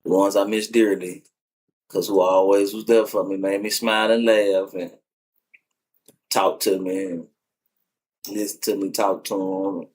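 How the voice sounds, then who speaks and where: A man's voice: deep voice, little pitch movement, unhurried, pauses often, slightly rough. A man chatting casually on a livestream from his phone, wistful and full of slang as he rambles.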